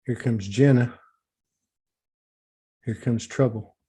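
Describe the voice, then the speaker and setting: A man hosting a livestream talk show, chatting casually over a video call setup. He talks in an emotional, effusive way, rambling and restarting his sentences, at a mid-range pitch. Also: steady tone, slow, mellow, slightly rough. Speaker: host of an online spiritual talk show.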